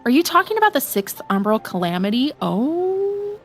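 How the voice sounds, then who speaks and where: A woman's voice: high voice, normal speed. Playful woman streamer. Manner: playful, animated, laughs often. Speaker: game streamer. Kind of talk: casual live-stream chat.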